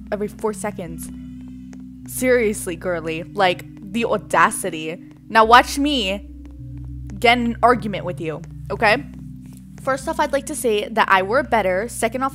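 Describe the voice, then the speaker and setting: A woman's voice: mid-range voice, bright, forceful tone. A young woman chatting playfully and dramatically to her viewers while she plays a game, full of sass and exaggerated reactions. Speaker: gaming streamer. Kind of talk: casual gameplay commentary.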